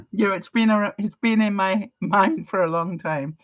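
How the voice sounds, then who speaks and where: This is an older woman from England, English-accented, chatting casually on a live stream as a vlogger. Her voice is medium-pitched, and she frequently laughs while reading comments aloud, in a dry recording.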